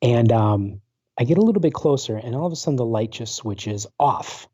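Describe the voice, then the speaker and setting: A paranormal researcher in his forties joins a talk show by video call, telling a personal story in a casual, rambling way with plenty of fillers and false starts. His medium-pitched voice is expressive and warm with a breathy edge, moving at a moderate pace. There's no echo, but the internet audio sounds dull and lo-fi.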